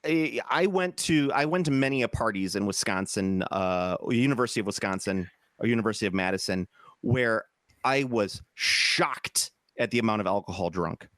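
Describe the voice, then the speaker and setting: A man's voice: on the low side, moderate pace, fairly bright tone, no echo, clean studio sound. A man in his forties co-hosting a podcast, rambling through casual chat with jokes and frequent laughs. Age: 40s. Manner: rambling, jokey, laughs often. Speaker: podcast co-host.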